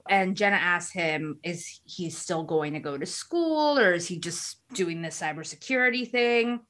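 A woman's voice: fairly low pitch, lively intonation, measured pace, a bit bright. Casual woman co-host, easygoing. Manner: casual, chiming in and filling in story details. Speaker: podcast co-host. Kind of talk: casual chat.

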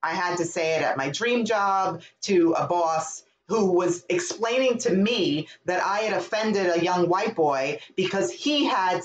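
A woman telling a personal story in casual conversation, candid and animated, and swearing freely. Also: fairly low pitch. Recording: roomy echo.

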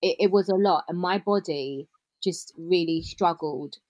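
A woman, telling her story as a podcast guest in an animated way, acting out bits of dialogue. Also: on the low side, unhurried, no echo, lo-fi sound. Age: 40s. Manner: animated, laughs often, reenacts dialogue. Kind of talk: casual storytelling.

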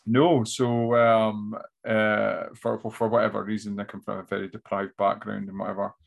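A man with an Aberdonian Scottish accent, a stand-up comedian telling animated stories as an interview guest. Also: on the low side, normal speed, vocal fry. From Scotland. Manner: animated storyteller who slips into voices. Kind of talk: casual interview chat.

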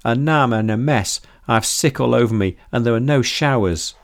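A man's voice: medium pitch, normal speed, voice pushed up, close to an everyday voice. A man voicing an upset, tearful young woman who complains and sniffles. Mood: miserable.

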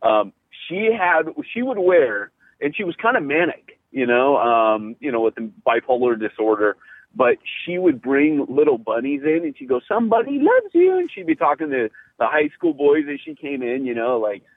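Husky-voiced pastor on a tinny line. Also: male voice, mid-range voice, normal speed, no room sound. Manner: animated storyteller, lots of "you know" and restarts. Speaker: pastor and podcast host. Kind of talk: casual podcast chat. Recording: tinny phone-like line, dry.

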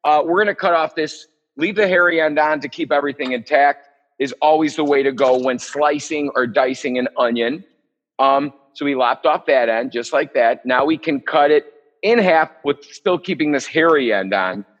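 Joking, chatty chef, muffled audio. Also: male voice, fairly high pitch, normal speed, fairly bright tone. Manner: joking, chatty, rambling asides. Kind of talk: live online cooking demo.

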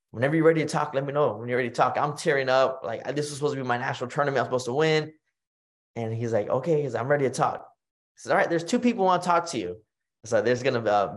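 A man with a Texan accent talks as a podcast guest in a mid-range voice. He tells personal stories with energy, acts out the voices of people around him, and often stops and restarts his sentences. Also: mid-range voice. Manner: animated storytelling, acts out quoted voices, frequent fillers and restarts. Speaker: podcast guest, retired boxer. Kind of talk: storytelling in casual conversation.

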